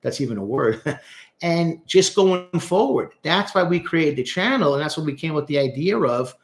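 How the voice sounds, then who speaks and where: Man, therapist, animated casual commentary, fairly high voice, echoey room. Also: normal speed. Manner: animated, talks straight to the viewer. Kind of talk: casual commentary breaking down song lyrics.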